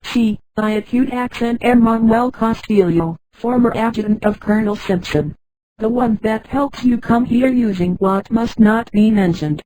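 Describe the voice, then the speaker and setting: A woman reading the lines of a tall, thin, secretive former soldier in a flat, even synthetic voice. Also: a little high, normal speed, lightly acted, poor audio.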